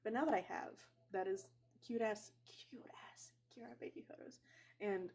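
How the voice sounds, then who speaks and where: A woman co-hosting a casual chat, expressive and quick to laugh. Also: medium pitch, a little hiss or hum. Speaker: co-host.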